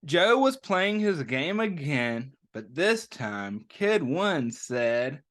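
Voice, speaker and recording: A man hosting a children's story time, reading a picture book aloud and asking the kids gentle questions as he goes. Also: a little high, big pitch swings, slow pace.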